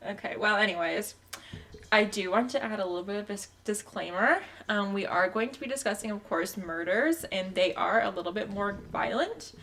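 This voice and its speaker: A woman's voice: mid-range voice, moderate pace, fairly bright tone, slight background noise. A woman co-hosting a casual podcast chat, who keeps steering things back on track with "okay, well". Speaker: podcast co-host.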